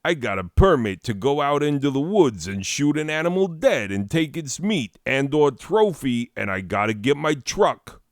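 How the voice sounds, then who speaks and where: A man voicing a loud, pushy working-class New Yorker in an exaggerated put-on New York accent, barking his lines. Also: medium pitch, very animated, normal speed, few pauses, no echo, studio quality, voice pushed up. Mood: blustering.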